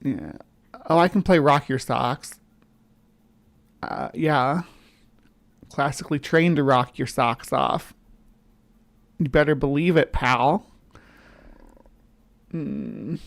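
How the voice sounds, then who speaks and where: A woman's voice: rumbling low, takes it slowly, vocal fry, long pauses. A woman from the central United States hosting a casual livestream, rambling, restarting her sentences and chatting with viewers as she goes. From central United States, between the South and upper Midwest. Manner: rambling, self-interrupting, chats with viewers. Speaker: livestream host. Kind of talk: casual live-stream chat.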